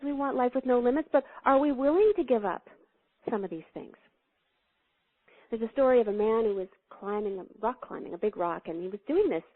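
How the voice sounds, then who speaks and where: A woman speaking as a guest in an interview, teaching through stories and acting out the voices in them. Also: on the high side. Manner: animated storyteller who acts out the voices in her stories. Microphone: phone line. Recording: tinny phone line.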